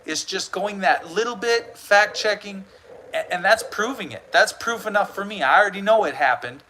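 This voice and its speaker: A man's voice: sits high, expressive, normal speed, bright, forceful tone, a little hiss or hum, low-quality recording. An American man hosting a casual live stream, earnestly rambling with frequent restarts as he responds to viewer comments. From United States. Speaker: livestream host.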